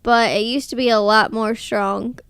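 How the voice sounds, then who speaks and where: A woman with a Southern US accent chats as a podcast co-host, her voice sitting a little high. She talks close into a mic on a stand, and the sound is dry and near. She gets defensive at times and leans on her syllables. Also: fairly even intonation, moderate pace, fairly bright tone, smooth, dry recording. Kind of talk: casual chat. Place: living room.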